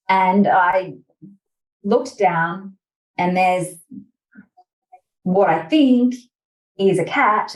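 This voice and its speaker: Mom in her thirties telling a story, animated, lowish voice, echoey room, far from mic. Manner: animated, reenacts her own panicked thoughts. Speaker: interview guest. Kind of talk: personal storytelling. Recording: distant, echoey room sound.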